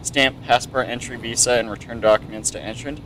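Over a noisy background, a young man streaming gameplay talks a little fast in a steady, mid-range voice. His casual let's-play commentary is mumbly and hesitant with many ums, broken by the occasional panicked yelp of "no-no-no." He records on a desk mic with webcam.

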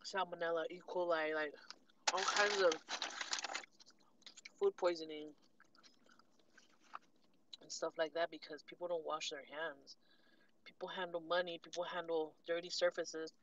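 A woman vlogger telling a casual story with animated, sassy delivery and acted-out quotes. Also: on the low side, measured pace, pauses often, muffled recording, a little hiss or hum. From California. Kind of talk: casual storytime while eating.

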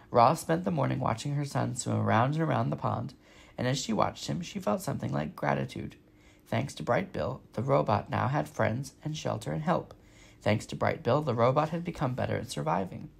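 A man reading a children's novel aloud with steady, expressive narration. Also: mid-range voice, creaky, breathy edge. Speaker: storybook reader.

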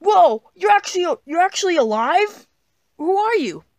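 A woman voicing a whiny, excitable young male dinosaur in a plush puppet comedy. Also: a little high, moderate pace, no echo, clean studio sound. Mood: excited. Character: whiny young male dinosaur who wants an imaginary friend.

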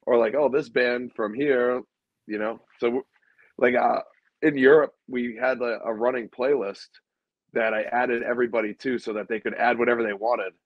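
A man who is a guest musician, telling stories in a relaxed, casual way with lots of fillers. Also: mid-range voice, moderate pace, no echo, dull audio. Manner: relaxed storyteller, many fillers. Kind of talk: casual chat.

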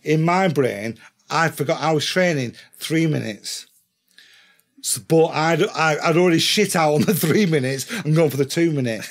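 A man's voice: fairly high pitch, moderate pace. A man with an English accent, a podcast guest telling a rowdy story in casual chat, swearing and laughing as he goes. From England. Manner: profane, laughing, animated retelling.

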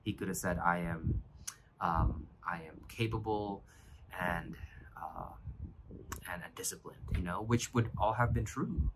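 A man's voice: low-pitched, noisy background. A man pastor giving an earnest, reflective devotional sermon, often restarting his phrases.

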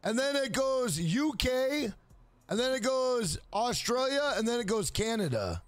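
A man's voice: extremely high pitch, very animated, a little slow, no room sound. A man live-streaming a video game, chatting casually with viewers in a rambling, profane way.

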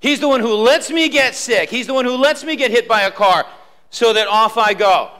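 High, bright-voiced preaching man. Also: expressive, normal speed. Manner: emphatic preaching, repeats key lines, drops low for quotes. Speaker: pastor. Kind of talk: sermon. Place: church sanctuary.

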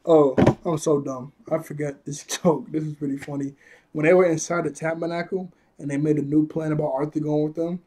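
A man's voice: on the high side, level tone, brisk, warm tone, a little hiss or hum. A man casually recapping an anime episode, rambling, chuckling often and correcting himself as he goes.

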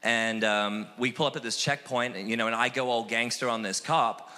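A man from Australia, a missionary guest telling animated, self-deprecating stories in a casual interview. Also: medium pitch, normal speed. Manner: animated, acts out quoted voices, self-deprecating. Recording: long hall reverb.

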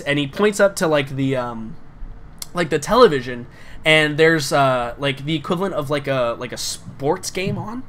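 A man's voice: on the high side, expressive, moderate pace, fairly bright tone. A man narrating a tabletop role-playing game as game master, loose and rambling with many fillers.

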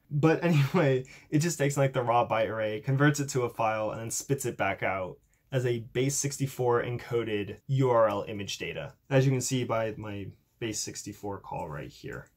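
A man's voice: medium pitch, moderate pace. A young man in a casual tech vlog, chatty and upbeat, showing off a coding project with a self-deprecating humor. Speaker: YouTuber demonstrating a coding project.

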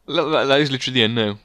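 With a smooth, mid-range voice, this young man hosts a relaxed let's play for his gaming channel. He's jokey and excitable and leans on the word "literally" constantly, all on a dry recording.

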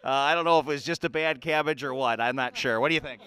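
A man's voice: medium pitch, quick pace, bright, forceful tone, clear, resonant tone. A man hosting a sports show, giving joking play-by-play of a silly indoor game in an arena. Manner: playful, chatty, laughs often.

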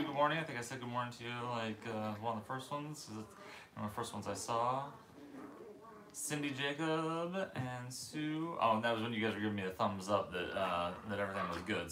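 A man hosting a casual livestream from his living room, cooing and baby-talking to puppies and greeting viewers by name in a loose, rambling way. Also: noisy background. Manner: coos and baby-talks to puppies, jumping into a high voice. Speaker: dog breeder hosting a livestream. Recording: roomy echoey room.

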